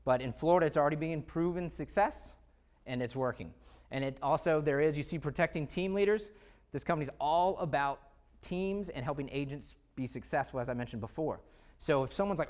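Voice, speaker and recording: A man giving an energetic, conversational presentation to real estate agents, full of rhetorical questions. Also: on the high side, brisk. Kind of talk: live sales presentation.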